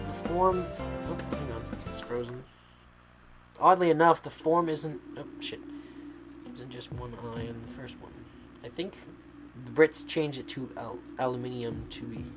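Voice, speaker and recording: A man's voice: medium pitch, measured pace, long pauses, music in the background. A man streaming a video game, chatting casually and rambling, often stumbling over his words. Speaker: VTuber streamer. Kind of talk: casual gaming stream chat.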